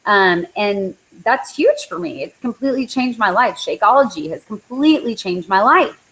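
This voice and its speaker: A woman's voice: a little high, lively intonation, moderate pace, a bit bright, low-quality recording. A woman coaching her team on a live call, chatty and full of likes and ums. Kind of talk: casual motivational talk. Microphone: live online call.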